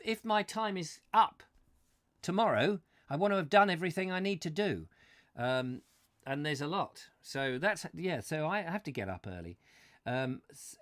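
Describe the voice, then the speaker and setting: A man hosting a comic chat show, rambling and ranting excitably while reading out viewer comments. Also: a little high, dry recording, clean studio sound.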